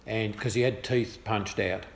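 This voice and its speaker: A man's voice: fairly low pitch, unhurried, creaky, crowd noise. A middle-aged man with an Australian accent tells a personal story in a chatty, good-humoured way. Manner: chatty, good-humoured, lively voiced quotes. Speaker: speaker sharing a personal testimony. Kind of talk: casual storytelling. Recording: echoey room with faint ambience.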